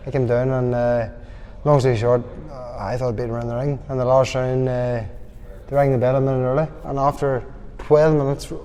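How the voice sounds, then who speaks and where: A young man with a Northern Irish accent rambles through stories in a loose, laughing way. His voice sits in the middle of the pitch range for a man. It carries a long reverb, like a big hall. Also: dark tone, slight background noise. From Northern Ireland. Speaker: boxer guest. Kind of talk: casual interview chat.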